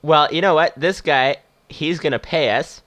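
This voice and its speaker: A man's voice: fairly high pitch, normal speed, a bit bright, dry recording. A man casually commenting on a game he plays and reading its story aloud, chatty and rambling with frequent laughs. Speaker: game streamer.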